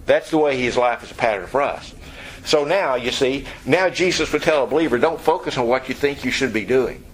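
A man's voice: medium pitch, fairly quick, slight background noise, low-quality recording. A man preaching a sermon, emphatic and direct, often asking his listeners rhetorical questions.

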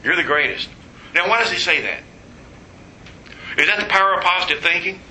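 A man preaching a sermon, telling stories with humor and quoting voices in an animated way. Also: sits high, a little fast, echoey room, slight background noise, low-quality recording.

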